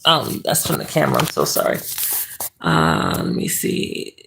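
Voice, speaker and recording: A slow, drawn-out talker with a gravelly, fry-laden voice, hosting a livestream from bed. The chat rambles along loosely and is broken up by frequent laughs. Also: medium pitch, wildly swooping pitch, noisy background. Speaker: livestream host reading viewer chat. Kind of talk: casual live chat. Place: bedroom, lying in bed.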